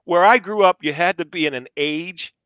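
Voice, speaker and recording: A man telling personal stories in casual talk, animated and repeating phrases for emphasis. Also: high voice, normal speed, clean tone, no room sound, lo-fi sound. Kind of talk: casual storytelling.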